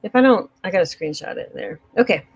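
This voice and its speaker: A woman's voice: mid-range voice, animated, fast, muffled recording, a little hiss or hum. A woman hosting a preparedness channel, chatting casually and upbeat as she answers viewer comments, giggling often.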